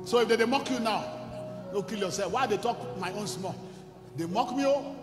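A Nigerian man preaches in a strikingly high voice, swinging from loud shouted declarations to low, confiding storytelling. His sermon rings around a large reverberant hall, with faint music underneath. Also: normal speed. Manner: shifts between shouting, storytelling and singing, mixing Pidgin and Igbo. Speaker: evangelist. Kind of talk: sermon with testimony and sung worship.

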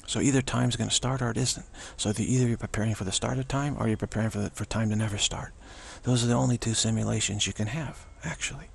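A man's voice: on the low side, steady tone, fast talker, creaky, few pauses, breathy edge. A man giving an unscripted spiritual teaching outdoors, rambling and repetitive, often restarting his sentences.

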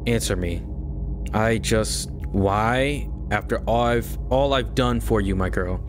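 A man reading a clingy, accusing game character's lines in a lower, pleading voice. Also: slow. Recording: game music playing behind.

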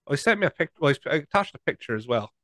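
A man's voice: on the high side, big pitch swings, quick pace, pushed and bright, no room sound. A man hosting a podcast over a video call, chatting easily and rambling a little with restarts. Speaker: podcast host. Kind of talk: casual interview chat.

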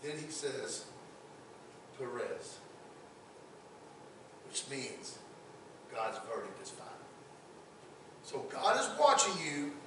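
A man's voice: mid-range voice, huge pitch swings, slow, long pauses, background noise. A man preaching a sermon as pastor, emphatic, often repeating words as he builds a point. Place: church sanctuary. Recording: echoey church sanctuary, distant mic.

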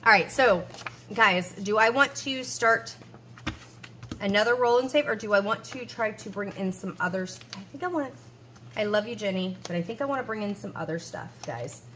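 A woman's voice: medium pitch, animated, moderate pace, fairly bright tone, slight background noise. A woman in her forties chatting casually at home as she counts cash aloud and talks to herself between numbers. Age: 40s. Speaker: budgeting vlogger.

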